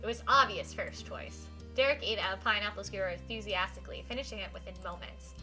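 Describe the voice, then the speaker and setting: A woman streaming a visual novel, reading the text aloud and reacting with giggles and animated comments. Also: medium pitch, brisk, over music.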